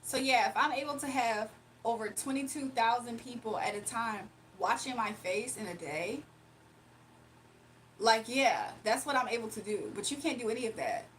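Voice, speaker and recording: A woman's voice: on the high side, expressive, moderate pace, fairly bright tone, a little hiss or hum. A young woman livestreamer chatting casually and reading her chat aloud, sarcastic and playful, laughing often.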